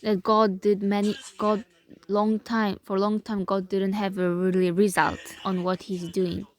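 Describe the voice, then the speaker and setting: Flat-voiced woman reflecting aloud. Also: mid-range voice. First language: Korean. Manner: halting, thinking aloud, with many fillers. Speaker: host. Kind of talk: reflective commentary.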